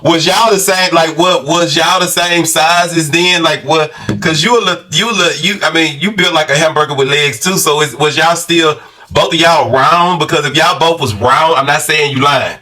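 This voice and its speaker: Reaction host, man, playful and joking, higher voice, set back from the mic. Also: moderate pace, distant mic. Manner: loud, joking, playful gossip with slang. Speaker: commentary channel host. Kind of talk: casual reaction commentary.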